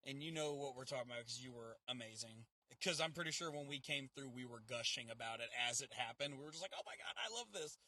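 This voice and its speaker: A man from the Southern United States, co-host of a haunt review show, talks fast with few pauses in a medium-pitched, bright and forceful voice. In casual chat he animatedly acts out quotes while telling stories.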